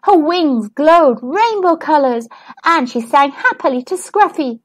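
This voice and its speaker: A woman hosting a children's storytime channel, reading a picture book aloud in a gentle, expressive way. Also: sits high, measured pace. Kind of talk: children's read-aloud narration.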